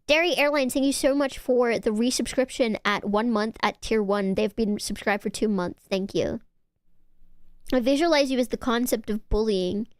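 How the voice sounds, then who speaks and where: Young woman streamer, high-ish voice, dry close mic, reading chat and teasing, swears a lot, gets excitable. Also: moderate pace, smooth, dry recording.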